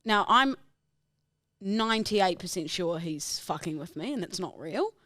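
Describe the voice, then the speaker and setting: A woman's voice: fairly low pitch, lively intonation, measured pace, a bit bright, no room sound. A woman co-hosting a podcast, telling stories in casual chat with lots of giggling and swearing. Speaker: podcast co-host.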